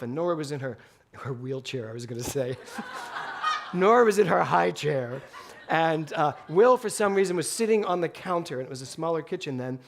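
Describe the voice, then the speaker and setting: A male minister giving a Sunday talk in a spiritual center, telling an animated story with bursts of laughter. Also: fairly high pitch, noisy background. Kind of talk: sermon storytelling.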